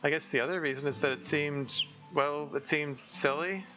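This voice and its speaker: A man's voice: fairly high pitch, lo-fi sound, over music, voice pushed up, lightly acted. A man voicing a shy teenage schoolgirl. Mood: bashful. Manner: hesitant, halting with ums. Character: shy teenage schoolgirl, soft-spoken and self-conscious.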